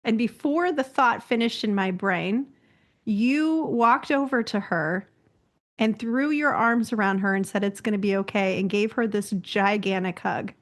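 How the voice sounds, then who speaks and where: A woman's voice: medium pitch, unhurried. A woman hosting an interview podcast, enthusiastic and affirming, often chiming in with encouragement. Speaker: podcast host. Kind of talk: conversational interview.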